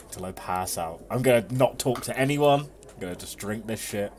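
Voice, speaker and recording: Low-voiced joking man player. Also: lively intonation, moderate pace, slight background noise. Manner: joking, brash. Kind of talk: playing a tabletop game.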